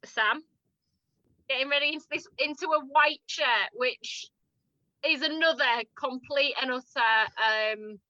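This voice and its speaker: Northern English woman, lively podcast co-host, bright sound, slightly muffled dry recording. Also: sits high, measured pace, dry recording. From northern England. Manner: animated, laughing often, acting out quotes. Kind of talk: casual chat recapping a TV drama.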